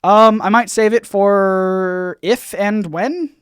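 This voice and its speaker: A man hosting a casual livestream Q&A, rambling and halting, full of fillers and restarts, with his volume bouncing up and down. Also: sits high, steady tone, clean tone, no echo, clean studio sound. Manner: swings in loudness, bouncy. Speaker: YouTube channel host.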